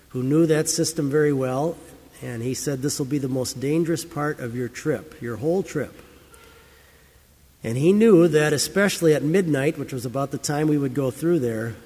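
Pastor guy preaching, slightly high voice, long reverb like a big church hall. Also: darkish tone. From United States. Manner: earnest, storytelling preacher with emphatic rises. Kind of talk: scripture reading and sermon.

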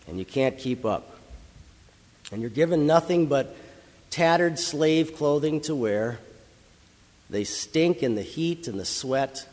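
A man's voice: mid-range voice, darkish tone, long reverb tail. A male pastor giving a dramatic sermon, telling a vivid story and rising into passionate proclamation.

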